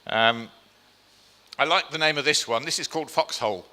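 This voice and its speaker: A man's voice: medium pitch, normal speed, bright, forceful tone. A man giving a chatty slide talk to a live audience, with frequent ums and questions to the crowd. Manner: chatty, self-deprecating, asks the audience questions. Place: event hall with a live audience. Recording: long reverb of a hall.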